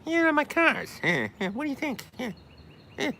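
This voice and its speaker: A squeaky, strained impression of a famous older TV host who keeps murmuring "yeah, yeah" about his cars. The voice sits far above a normal speaking register and sounds bright and pinched. It is a quick, playful celebrity send-up. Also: big pitch swings, a little hiss or hum, full character voice. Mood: smug. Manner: mumbling, repetitive "yeah, yeah".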